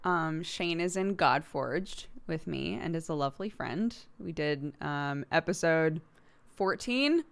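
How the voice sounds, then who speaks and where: Woman, game streamer, casual chat, giggly, lowish pitch, smooth clear voice. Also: expressive. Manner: chatty, laughs often, quick anecdotes. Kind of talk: casual chat while gaming.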